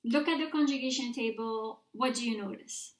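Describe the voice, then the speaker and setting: A woman's voice: on the high side, moderate pace, echoey room. A woman teaching a recorded French grammar mini-lecture, patiently modelling pronunciation for her students to repeat.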